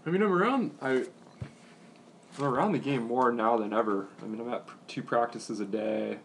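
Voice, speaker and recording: A man's voice: medium pitch, moderate pace, slight background noise. A young man, a college volleyball coach, chatting casually as a podcast guest and thinking aloud. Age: young adult. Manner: relaxed, thinking aloud with fillers.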